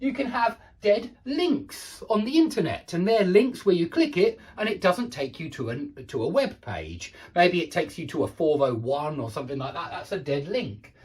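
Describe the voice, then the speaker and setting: Lively male English teacher. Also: high-pitched, moderate pace, few pauses. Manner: patient, repeats and rephrases with fillers. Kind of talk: casual explanatory vocabulary lesson.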